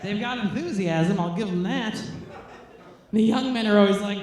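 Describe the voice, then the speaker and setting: A woman's voice: medium pitch, normal speed, a little mellow. A woman doing a stand-up set while nursing her baby, blunt, crude and self-mocking, laughing between lines. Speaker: stand-up comic. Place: comedy stage, roomy venue. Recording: roomy live venue recording.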